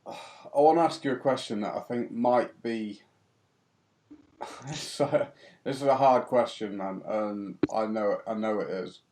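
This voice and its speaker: A man hosting a podcast, asking a guest a hard question in a gentle, hesitant way. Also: on the low side, unhurried. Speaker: podcast host. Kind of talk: interview questions.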